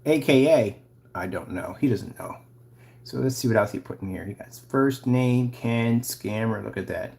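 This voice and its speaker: A man's voice: mid-range voice, moderate pace, gravelly, a little mellow. A man hosting a ranting commentary video, heated and mocking, with sarcastic questions. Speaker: channel host.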